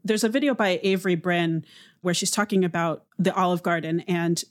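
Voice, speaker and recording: Measured academic woman explaining. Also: fairly low pitch. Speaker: linguist guest. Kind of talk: explanatory interview answers.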